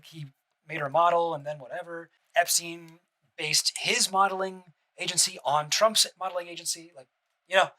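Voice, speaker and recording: A man's voice: high voice, bright, forceful tone, low-quality recording. A man streaming casual reaction commentary, rambling with restarts and asides and swearing bluntly.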